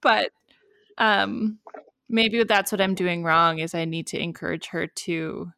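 A woman in her thirties with a low, gravelly voice talks casually as a podcast co-host. She tosses in wry, ironic asides and laughs often. The sound is dry and close. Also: slow, bright, forceful tone, no room sound. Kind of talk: casual chat.

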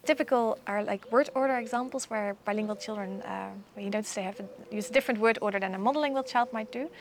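A woman's voice: medium pitch, fast talker. Woman researcher explaining, casual. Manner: explanatory, with fillers. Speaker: researcher guest. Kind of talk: casual interview chat.

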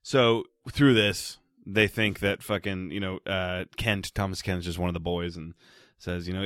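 A man's voice: deep voice, steady tone, normal speed, a bit bright, clear, resonant tone, dry recording, studio quality. A man co-hosting a podcast, recapping a movie's plot in casual, profane, joking chat. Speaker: podcast co-host.

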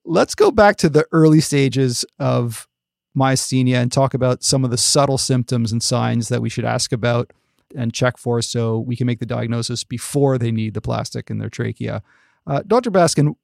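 A man's voice: mid-range voice, creaky, dry recording, clean studio sound. A male host summing up and asking a guest doctor questions in a podcast interview. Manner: sums up and asks questions, laughs easily.

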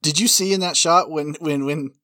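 A man with a fairly high voice, recorded dry and close with no room sound. He chats casually and wryly as a podcast co-host, riffing on odd details of a film. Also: normal speed, sharp tone, dry recording. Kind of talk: casual movie discussion.

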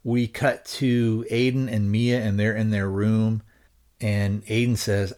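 A man's voice: fairly low pitch, level tone, slow, darkish tone. A man hosting a podcast and recapping a film's plot in a loose, rambling way, hedging and restarting as he searches for words. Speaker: podcast host reviewing a film. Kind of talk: casual spoken film recap.

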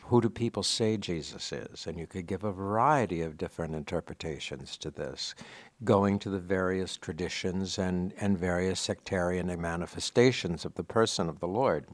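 Low-voiced man preaching a reflective sermon. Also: normal speed, dry recording. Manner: reflective, explanatory teaching with asides.

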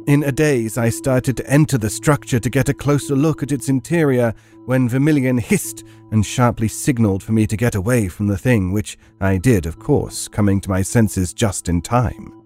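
Male narrator reading a dark tale. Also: mid-range voice, moderate pace, soft background music. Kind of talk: scripted narration of a dark story.

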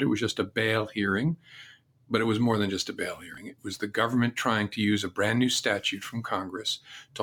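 A man's voice: lowish voice, fairly bright tone. Earnest middle-aged man telling stories. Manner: earnest, reflective storyteller. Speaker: interview guest. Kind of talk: storytelling interview answers.

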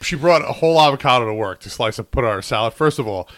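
A man's voice: medium pitch, animated, fast, a bit bright, dry recording. A man chatting casually and telling stories as a podcast co-host. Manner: chatty, storytelling. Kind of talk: casual chat.

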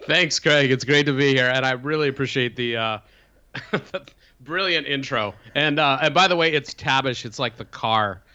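A man's voice: mid-range voice, normal speed, sharp tone, clear, resonant tone, lo-fi sound. A man, a comedian guest on a podcast, telling casual anecdotes in a self-deprecating way and laughing often.

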